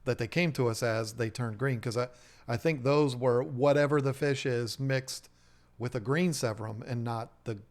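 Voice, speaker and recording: Joking, excitable man hosting a live stream. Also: medium pitch, normal speed. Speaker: co-host of a fish-keeping live stream. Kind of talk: casual chat, reading viewer messages. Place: fish shop owner's live stream setup.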